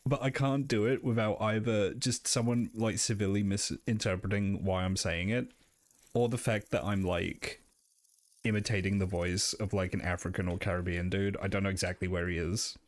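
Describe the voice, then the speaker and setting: A man's voice: on the low side, steady tone, moderate pace, no echo. A man streaming a game live, muttering to himself casually, swearing and laughing often.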